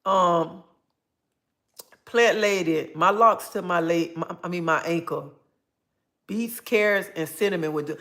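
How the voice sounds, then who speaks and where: An older woman hosting a casual livestream, reading viewer comments aloud and telling stories in a chatty, animated way. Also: on the low side, unhurried, pauses often. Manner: chatty, animated storytelling with bursts of excitement. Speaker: livestream host.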